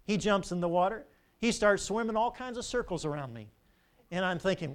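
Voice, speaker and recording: An older man, a pastor, preaching a sermon with animated storytelling and rhetorical questions. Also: high voice, brisk.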